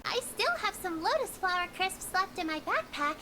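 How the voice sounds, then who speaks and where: A polite, caring little girl, speaking in a very high, lilting voice with formal, well-mannered phrasing. Her voice is heard through game audio with a noticeable hiss behind it. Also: sing-song, moderate pace. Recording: game audio with background noise.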